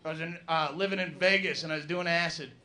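A man doing a stand-up routine, telling a profane, rambling story with sudden shouted outbursts. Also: on the high side, steady tone, fast, a crowd in the background. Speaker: stand-up comedian.

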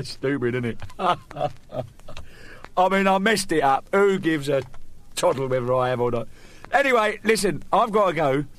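A man's voice: on the high side, lively intonation, normal speed, a bit bright. A man with an English accent telling rambling jokes to camera, chuckling and restarting often. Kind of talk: casual joke telling to camera.

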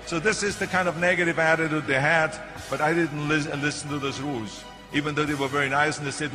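This older man talks fast, with a fairly high pitch and hardly any pauses. His German accent comes through as he animatedly tells stories with punchy emphasis in a motivational keynote, recorded in an echoey hall with faint music.

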